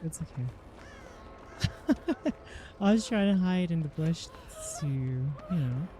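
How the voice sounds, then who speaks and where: A woman's voice: sits low, lively intonation, takes it slowly, dark tone, a little hiss or hum. A young woman streaming and chatting casually, reacting with giggly disbelief. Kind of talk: casual chat.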